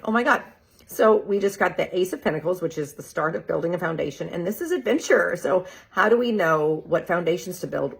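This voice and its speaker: A woman's voice: sits low, vocal fry, breathy edge. A woman giving a chatty, enthusiastic tarot reading, full of "like" and "right?" and laughing often. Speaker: tarot reader. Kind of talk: casual tarot reading video. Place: real estate group's social video.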